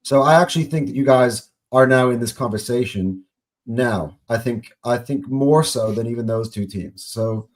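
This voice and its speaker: A man's voice: medium pitch, normal speed. A man on a football podcast panel, earnest and conceding points. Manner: earnest, conceding, lists players. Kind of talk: casual football debate.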